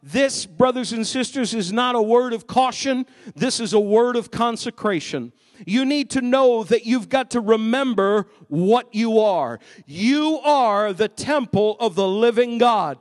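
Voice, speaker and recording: Male preacher, very high voice, emphatic sermon delivery, shouts and hushed drops. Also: lively intonation, measured pace, few pauses.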